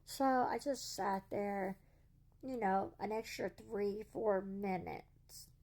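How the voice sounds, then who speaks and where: A woman's voice: medium pitch, slow, a little mellow. A woman, earnestly telling a story to camera in a casual vlog and quoting what people said. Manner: earnest, retells dialogue in quotes. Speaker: vlogger.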